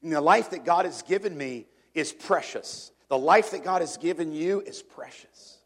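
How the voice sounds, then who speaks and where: High-voiced man preaching conversationally. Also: expressive, normal speed, fairly bright tone. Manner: conversational, asks the congregation questions, repeats words. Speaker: pastor. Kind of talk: sermon. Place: church before a congregation.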